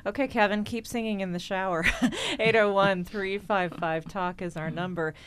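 A woman hosting a live radio talk show, asking guests questions in a brisk, conversational way. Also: medium pitch, a little hiss or hum.

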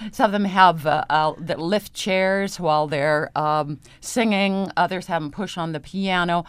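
A middle-aged woman with a low voice talks as a guest on a radio interview about singing. She explains things slowly, hesitating often, and the sound is close and dry with no room. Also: no echo. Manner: unhurried, explanatory, with frequent hesitations and light laughs. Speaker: opera singer and voice teacher.

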